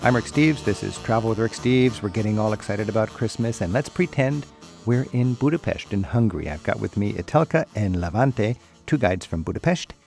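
A man's voice: lowish voice, lively intonation, a little fast, creaky, darkish tone, soft background music. A man hosting a radio travel show, asking curious, upbeat questions. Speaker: radio host. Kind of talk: radio interview.

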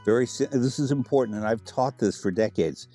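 A man's voice: medium pitch, a little fast, mellow, soft background music. A man being interviewed on the radio as an expert on Italian food, explaining dishes with enthusiasm and spelling out words.

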